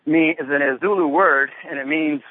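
A man's voice: a little high, steady tone, moderate pace, dry recording. A man calling in to a radio show while working out, a little out of breath. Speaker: radio caller. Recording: tinny phone line.

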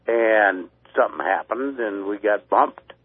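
An older man calling into a radio show, gruff and blunt. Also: fairly low pitch, unhurried, dry recording. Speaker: caller. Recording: tinny phone line.

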